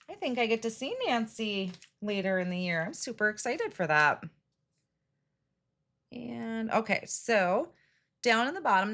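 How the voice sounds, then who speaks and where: A chatty middle-aged woman hosts a casual live crafting demo on card making, greeting viewers by name and laughing at her own slips. Her voice is mid-range and a bit bright.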